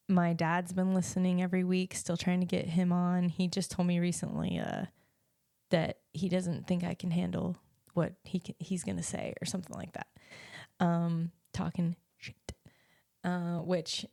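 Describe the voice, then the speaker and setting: A woman's voice: on the low side, creaky, mellow, smooth, no room sound, clean studio sound. A young adult woman hosting her own podcast alone, chatting casually and rambling with many ums and restarts. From United States. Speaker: podcast host and life coach. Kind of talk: casual solo podcast chat.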